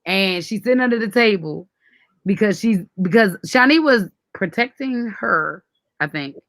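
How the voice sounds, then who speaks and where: A woman in her forties chats with friends, acting out voices from the story and laughing often. Her voice is bright and forceful, with a slightly raised pitch. The sound is dry and close. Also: moderate pace, no echo. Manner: animated, acts out quoted voices, laughs often. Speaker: host. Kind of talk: casual storytelling chat.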